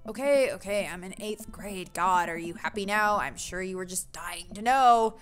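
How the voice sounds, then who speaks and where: A woman's voice: medium pitch, normal speed, soft background music, close to an everyday voice. A woman voicing a sulky teenage boy who grumbles sarcastically. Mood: sarcastic.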